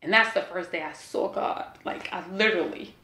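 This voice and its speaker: A woman in her forties, an interviewee, tells an emotional personal testimony in a candid, earnest way, peppering it with "you know" and "like." Her voice sits fairly low and comes across pushed and bright at a normal speed, with a roomy sound.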